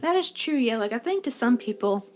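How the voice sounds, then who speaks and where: A woman's voice: on the high side, animated, a little fast, faint music behind. A woman chatting casually and giggling while she crochets on her vlog. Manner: chatty, giggly, talks to her work and to chat. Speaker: crochet vlogger.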